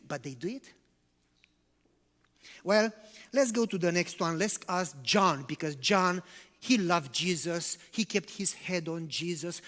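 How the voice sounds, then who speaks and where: A pastor's high, fairly bright voice fills a reverberant church as he preaches conversationally and asks rhetorical questions. The sermon's recording has a long church-hall reverb.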